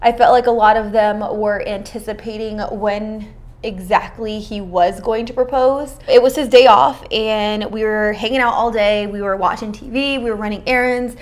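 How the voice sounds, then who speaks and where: A woman's voice: mid-range voice, steady tone, moderate pace. A young woman beauty vlogger chatting casually while doing her makeup, talking informally with lots of fillers and slang.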